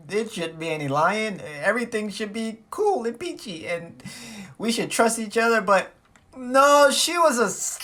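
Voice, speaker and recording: Animated, profane storytelling man. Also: on the high side. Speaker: vlogger. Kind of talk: storytime vlog.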